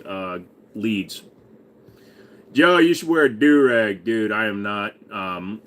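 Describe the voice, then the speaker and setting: A man hosting a casual livestream, rambling in a crude, profane, joking way. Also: lowish voice. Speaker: livestream host.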